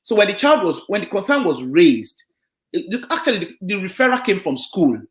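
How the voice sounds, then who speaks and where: A man with a high and very lively voice talks parents through an idea, often stopping to check that they follow him. He works with children and families, and the recording sits in an echoey room. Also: brisk. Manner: explanatory, checks in with listeners. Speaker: children and family social worker. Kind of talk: community talk on parenting.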